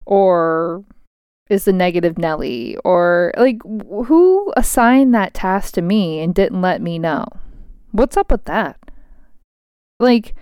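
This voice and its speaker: A woman's voice: fairly low pitch, lively intonation, takes it slowly, darkish tone, clear, resonant tone, no echo, studio quality. A woman in her thirties talking frankly at her home desk, venting in a casual solo monologue and swearing freely.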